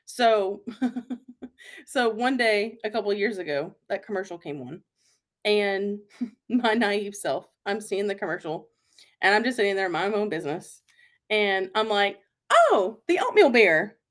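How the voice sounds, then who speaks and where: A woman's voice: mid-range voice, measured pace. A young adult woman hosting a podcast, chatting casually in a rambling way with lots of fillers and giggles. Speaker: podcast host. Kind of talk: casual chat.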